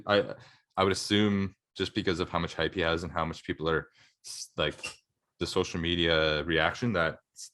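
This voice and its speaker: Deep-voiced man, rambling chat. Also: flat delivery, moderate pace, a bit bright. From Canada. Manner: rambling, filler-heavy. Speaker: podcast co-host. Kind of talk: casual chat.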